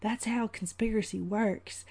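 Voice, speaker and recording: A woman voicing a grizzled old man with a gruff, drawling put-on accent. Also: mid-range voice, steady tone, unhurried, darkish tone. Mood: grim.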